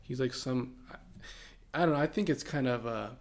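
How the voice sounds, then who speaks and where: A young man chats on a podcast with a gravelly, fry-heavy voice. He talks in a laid-back, hesitant way and swears casually as he tells a story. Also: medium pitch, moderate pace. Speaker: podcast co-host.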